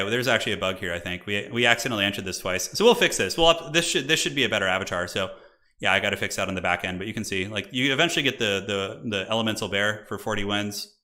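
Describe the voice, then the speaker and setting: A man casting a live game tournament on his stream, chatty and chatting with viewers as he goes. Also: mid-range voice. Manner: animated, chatty, talks to viewers in chat.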